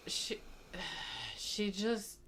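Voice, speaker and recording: A woman's voice: medium pitch, flat delivery, drawn-out words, sharp tone. A woman on a casual podcast, telling blunt, giggly stories about old coworkers and leaning on "like" a lot. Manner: gossipy, blunt, giggly, heavy use of "like". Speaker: podcast co-host. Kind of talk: casual chat.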